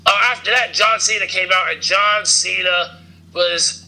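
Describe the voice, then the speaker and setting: High, bright-voiced man rambling through a recap. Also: fairly even intonation, a little slow, low-quality recording. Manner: rambling, filler-heavy, joking. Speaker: podcast host. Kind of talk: casual wrestling recap chat.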